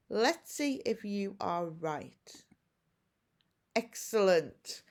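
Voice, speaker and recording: A woman teacher giving a recorded home-learning lesson, explaining each step patiently and asking questions as she goes. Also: mid-range voice. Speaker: primary school teacher.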